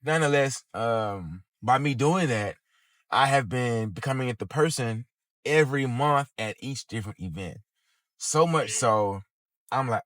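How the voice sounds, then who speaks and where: A man as a business coach in a casual session, thinking aloud with fillers and pauses, a bit sleepy. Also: medium pitch, lively intonation, fairly bright tone, no room sound.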